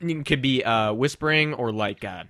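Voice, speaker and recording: A man co-hosting a casual online show, chatting in an animated, rambling way with restarts. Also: medium pitch, moderate pace, no echo, clean studio sound. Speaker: co-host. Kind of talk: casual chat.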